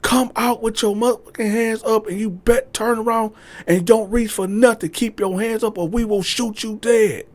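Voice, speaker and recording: A man voicing aggressive police officers who bark harsh, loud commands. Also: sits high, steady tone, normal speed, voice pushed up.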